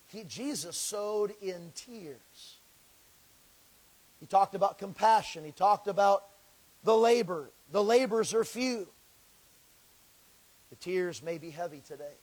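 A man preaching a sermon, reading scripture slowly and swinging between loud pleading and hushed lows. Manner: reads scripture in slow, drawn-out delivery.

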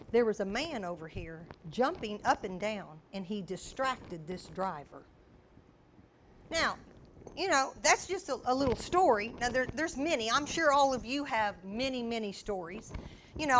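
A woman preaching a sermon, telling a personal story with animated storytelling and acting out shouts and quotes. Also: sits high, normal speed, slight background noise.

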